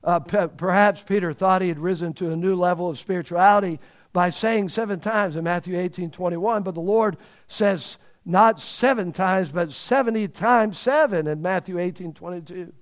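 A man preaching a sermon, emphatic, repeating key words for stress and swinging between loud and hushed delivery. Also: high-pitched, normal speed.

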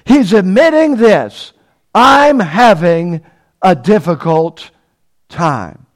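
Male preacher, high voice, slow emphatic sermon, rhetorical questions. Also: animated. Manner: emphatic, repeats key phrases, asks the congregation questions.

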